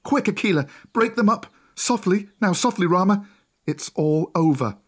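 A man's voice: on the high side, expressive, brisk, pitched above the performer's own voice. A man voicing a bold boy raised by wolves, calling out eager commands. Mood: commanding.

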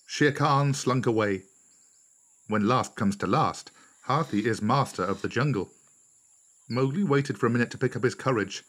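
A man narrating a storybook aloud, measured and expressive. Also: medium pitch.

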